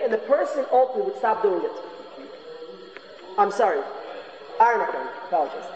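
A man with a rather high voice gives an informal Torah lecture, earnestly circling back and repeating his points. The sound is dull and lo-fi, and the long reverb of a big echoey hall hangs around every word. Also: animated, fairly quick, long pauses, darkish tone. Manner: earnest, repeats phrases for emphasis. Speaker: Torah class teacher.

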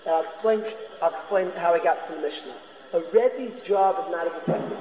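In a high, brisk voice with a darkish tone, a man teaching a Torah class lectures informally and earnestly, often repeating phrases to stress them. The recording is lo-fi and muffled, echoing as if in a hall.

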